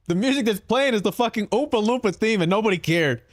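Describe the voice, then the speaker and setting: A man streaming, reacting to his own clips in casual chat, animated and swearing, saying bro a lot. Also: high voice, brisk, no echo, studio quality.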